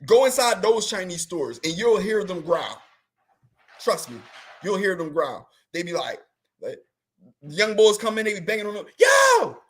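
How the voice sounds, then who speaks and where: A man's voice: high-pitched, lively intonation, moderate pace, breathy edge. A man hosting a show, telling loose slangy stories in casual chat with rambling restarts. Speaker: host.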